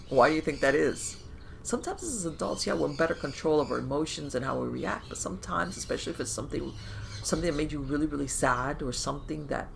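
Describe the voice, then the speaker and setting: Gravelly, animated podcast host. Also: medium pitch, slight background noise. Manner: animated, acts out inner voices, many fillers and restarts. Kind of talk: casual interview talk.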